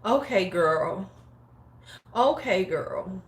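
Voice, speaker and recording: Outspoken woman in her forties doing blunt beauty chat; mid pitch, roomy echo. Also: animated, extremely slow. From United States. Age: 40s. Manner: blunt, profane, rambling. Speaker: beauty YouTuber. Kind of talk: casual opinion chat.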